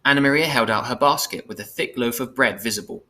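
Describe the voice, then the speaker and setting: A man's voice: medium pitch, fast. Man reading a storybook chapter aloud. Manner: plain, steady reading with small self-corrections. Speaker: reader.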